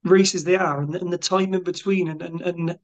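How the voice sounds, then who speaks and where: A man with a notably high voice hosts a casual podcast interview. He sounds enthusiastic and matey with his guest. The audio is dull and lo-fi. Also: fairly even intonation, normal speed. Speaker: podcast host.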